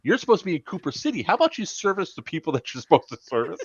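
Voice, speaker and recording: A man's voice: on the high side, sing-song, very fast, breathy edge, dry recording, muffled recording. A man hosting a podcast, telling a story in casual chat, profane and laughing as he goes. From Florida. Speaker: podcast host.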